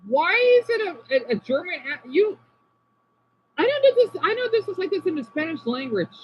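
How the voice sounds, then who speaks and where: Streamer woman, high and bouncy voice, chatty, slightly dull recording with faint hiss. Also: sing-song, moderate pace. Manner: chatty, talks to viewers by name, sounds out words. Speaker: livestreamer reading chat. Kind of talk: casual live-stream chat.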